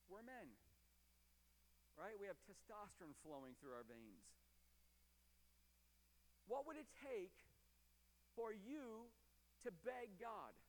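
Middle-aged guy preaching, kinda high voice, loud then hushed, echo hanging in a big church. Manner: animated preaching, repeats phrases for emphasis, swings from loud to hushed. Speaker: pastor. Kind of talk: sermon.

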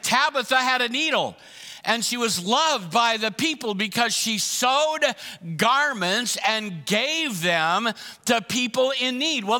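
Male pastor, sermon delivery, high and very bright voice, long reverb from a church hall. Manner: emphatic preaching, repeats questions, acts out voices of others.

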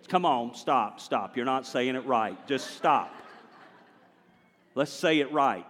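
A man preaching a sermon to his congregation in a church, animated and conversational, drawing the congregation in. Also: medium pitch, takes it slowly, pauses often, big-room sound. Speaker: pastor. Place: large church sanctuary.

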